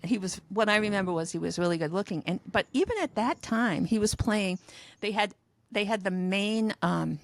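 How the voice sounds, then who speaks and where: A woman's voice: medium pitch, moderate pace. A woman in her sixties, a podcast co-host and mother, telling stories in a rambling, hesitant way in casual chat.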